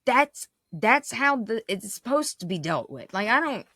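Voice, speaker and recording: A woman's voice: on the high side, sing-song, a little slow, bright, forceful tone, no echo. Passionate woman podcaster, dry sound. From United States. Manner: passionate, frequent "right?" tags. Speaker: podcast host. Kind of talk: casual monologue.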